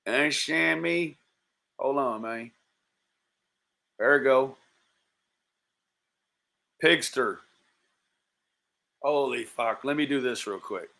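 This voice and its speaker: A man's voice: medium pitch, creaky, pushed and bright. A man hosting a livestream, talking casually, profane and taunting, calling out to viewers by nickname. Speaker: livestream host.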